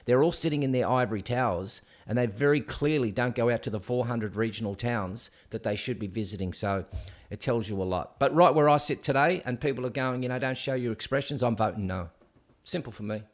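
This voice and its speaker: A man with an Australian accent hosts a live call-in stream. He talks in a chatty, excitable way and keeps calling everyone "mate" and "people". His voice sits at an ordinary middle pitch. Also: brisk. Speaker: host of a live call-in show.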